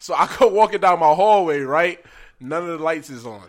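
A man's voice: fairly high pitch, lively intonation, moderate pace. A young man in casual chat, animatedly telling a funny story to friends, laughing often and acting out what people said.

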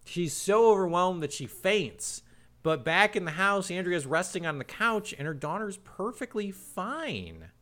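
A man recapping a show's plot for a comedy podcast, animated and jokey, with frequent restarts. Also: high-pitched, unhurried. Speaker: podcast co-host recapping a show.

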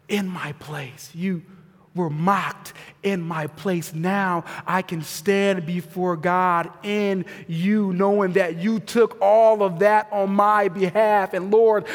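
A man in his thirties, a pastor preaching a sermon with emphatic swings from loud to hushed. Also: high-pitched. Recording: long hall reverb.

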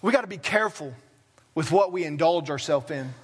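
A man's voice: fairly high pitch, expressive, brisk, husky. A man preaching a sermon as pastor, talking plainly and conversationally with self-deprecating asides. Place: church sanctuary.

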